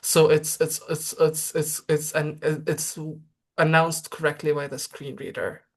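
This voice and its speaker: Halting man on a video call. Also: fairly high pitch, little pitch movement. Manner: halting, many repeated words. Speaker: guest speaker. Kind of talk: live demo talk.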